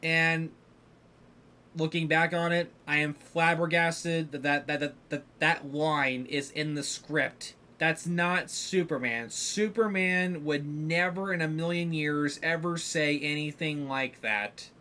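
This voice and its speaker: A man hosts a solo podcast in a fired-up, rambling way. He leans on filler words and often restarts his sentences. His voice sits a touch high for a man. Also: slow. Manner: animated ranting, heavy filler words, frequent restarts. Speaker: podcast host. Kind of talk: casual solo commentary.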